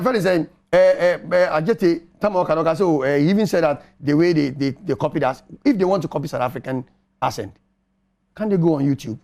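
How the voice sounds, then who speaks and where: A man's voice: fairly high pitch, vocal fry, a little mellow. A middle-aged man with a Ghanaian accent, arguing on a talk show and firing off rhetorical questions. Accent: Ghanaian English. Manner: emphatic, argumentative, rhetorical questions. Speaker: panelist. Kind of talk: animated radio talk show commentary.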